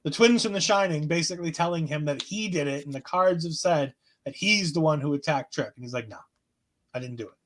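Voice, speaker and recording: High-voiced sarcastic man chatting about wrestling. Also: a little fast, hardly any pauses, a bit bright, slight background noise. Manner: sarcastic, mock-outraged asides. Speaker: wrestling podcast co-host. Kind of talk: casual chat.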